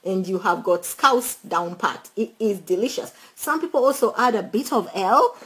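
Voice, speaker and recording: A woman chatting casually as a travel vlogger, animated and quick to laugh, speaking to her viewers and calling out friends by name. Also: medium pitch, rough recording. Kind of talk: casual travel tips chat.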